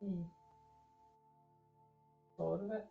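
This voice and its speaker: A woman's voice: lowish voice, very slow, vocal fry, echoey room, distant mic, narrow, tinny audio, faint music behind. A young woman, a teacher, telling stories in casual chat, swearing and laughing often and acting out the people she quotes. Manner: animated storytelling, acting out quoted people with a raised voice.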